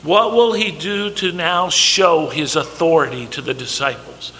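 Emphatic high-voiced man preaching. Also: unhurried, pushed and bright. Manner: emphatic, acts out quoted dialogue. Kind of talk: sermon. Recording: long reverb, faint background noise.

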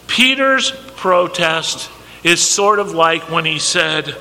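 Male preacher, high, very bright and forceful, emphatic delivery, reverberant hall. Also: a little slow. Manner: emphatic, acts out quoted dialogue. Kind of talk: sermon. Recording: long reverb, faint background noise.

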